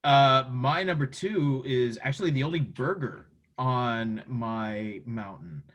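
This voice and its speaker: A man's voice: mid-range voice, slow, a bit bright. A man co-hosting a comedy podcast, laid-back and laughing often. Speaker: podcast co-host. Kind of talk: casual comedic podcast banter.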